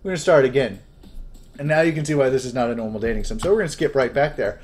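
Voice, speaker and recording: A man's voice: medium pitch, fast talker, darkish tone. A man hosting a casual let's-play, chatting and lightly joking while reading game text aloud. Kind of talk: casual gameplay commentary.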